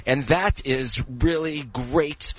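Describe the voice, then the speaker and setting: A man's voice: fairly high pitch, takes it slowly, dry recording. A man co-hosting a radio show in casual banter, playfully telling a feel-good news story from outdoors at a festival. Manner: playful, jokey, breaks into laughs and impressions. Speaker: radio co-host. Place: outdoors at a festival, planes overhead.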